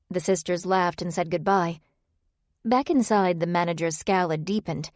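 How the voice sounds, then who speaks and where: Low-voiced woman narrating an audiobook. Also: moderate pace, a little mellow, no room sound, studio quality. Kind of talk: scripted narration.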